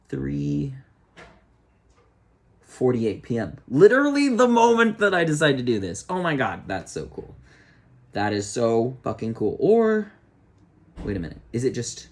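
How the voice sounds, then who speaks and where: A man's voice: mid-range voice, creaky. A young man, an astrologer, chatting casually on a live stream, rambling and joking to himself as he reads a chart. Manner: rambling, self-talking, jokey.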